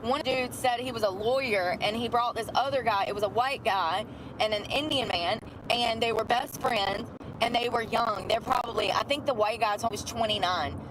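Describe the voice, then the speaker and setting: A woman's voice: on the high side, moderate pace, noisy background. Blunt middle-aged woman ranting outdoors. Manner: blunt, profane, indignant. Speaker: woman venting about her job. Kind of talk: candid rant.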